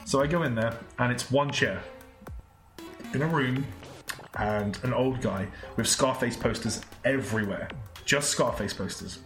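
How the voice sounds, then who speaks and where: A man from England with a British accent tells a long, rambling story, tripping over his words and laughing as he goes. The recording sounds roomy, and music plays clearly in the background. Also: medium pitch, measured pace, a bit bright. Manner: rambling storyteller, laughs often, many restarts. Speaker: podcast co-host. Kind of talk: casual podcast chat.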